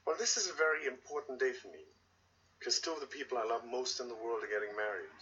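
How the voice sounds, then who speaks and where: An actor playing a warm male friend giving a wedding toast, earnest and gently joking. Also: medium pitch, fast talker, natural voice. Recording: muffled, distant TV audio with faint hiss.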